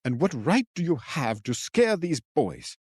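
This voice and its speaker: A man voicing a blunt young monk who speaks loudly and slowly, challenging a stranger. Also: a little high, big pitch swings, slightly rough, no room sound, clean studio sound, voice pushed up, heavily acted. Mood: confrontational.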